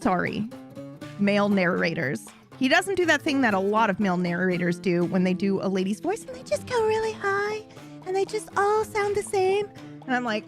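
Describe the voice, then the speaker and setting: A woman streamer chatting casually and with feeling, swearing and wandering into asides. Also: mid-range voice. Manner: animated, swears, rambles with asides. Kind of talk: casual chat.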